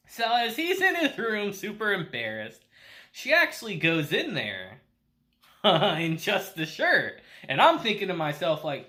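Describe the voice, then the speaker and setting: A man's voice: sits high, wildly swooping pitch, a little slow, bright, forceful tone. A man casually recapping and reviewing an anime episode, laughing often and swearing freely.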